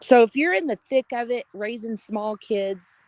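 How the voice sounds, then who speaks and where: A middle-aged woman, chatting casually on a live stream, greeting viewers by name with gushing warmth and frequent laughter. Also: on the high side, lively intonation, normal speed, dry recording.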